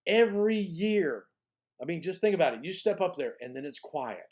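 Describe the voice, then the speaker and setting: A male college speech instructor recording a lecture, his voice sitting slightly higher than average. He talks in a relaxed, conversational way, checking in with "okay?" as he goes. When a point matters, he slows down and repeats the word for emphasis. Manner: emphatic, repeats key words for stress.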